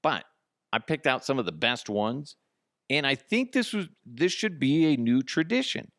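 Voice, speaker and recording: A man's voice: mid-range voice, sing-song, normal speed, a bit bright, no room sound, clean studio sound. A man hosting a comedy podcast, rambling through a casual monologue with frequent asides and free swearing. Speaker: podcast host.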